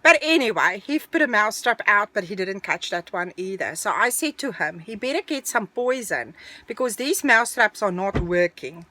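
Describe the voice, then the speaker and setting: A middle-aged woman telling a personal story in a casual, animated storytelling way. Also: mid-range voice, moderate pace. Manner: animated, breathless storytelling, dramatic retelling.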